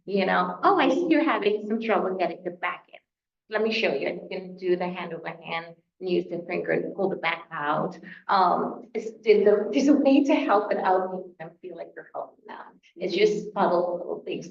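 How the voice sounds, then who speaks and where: An older woman, a toddler teacher on a parent panel, telling stories in a lively conversational way. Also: medium pitch. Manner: animated storytelling, acting out a child's voice. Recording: echoey room, slightly muffled.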